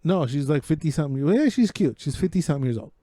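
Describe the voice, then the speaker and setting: A man co-hosting a podcast, telling a story in casual, profanity-heavy chat that keeps building in excitement. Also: fairly high pitch, fast, no echo, clean studio sound. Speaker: podcast co-host. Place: home podcast setup.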